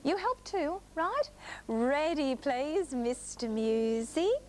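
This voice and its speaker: High-voiced woman, children's TV host, sing-song and coaxing, clip-on mic, studio. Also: sing-song, slow pace, a little mellow, faint music behind. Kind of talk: children's TV presenting. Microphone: clip-on mic on jumper.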